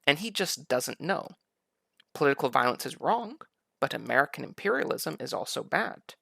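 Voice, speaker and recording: A man's voice: fairly high pitch, big pitch swings, moderate pace, vocal fry, pushed and bright, no echo, studio quality. A man giving sarcastic, mocking political commentary over video clips. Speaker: commentary YouTuber.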